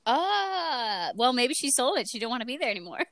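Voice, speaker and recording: A woman co-hosting a casual chat, her voice sitting a touch high as she giggles and ums through her points. The recording is dry and close. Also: very animated, a little fast, fairly bright tone, no echo. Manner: chatty, giggly, hesitant fillers. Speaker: podcast co-host.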